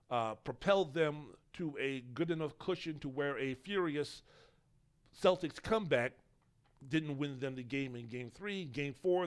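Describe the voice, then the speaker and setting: A man's voice: fairly high pitch, clean tone. A man hosting a solo sports podcast, talking in a rambling, opinionated way and swearing casually. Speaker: podcast host.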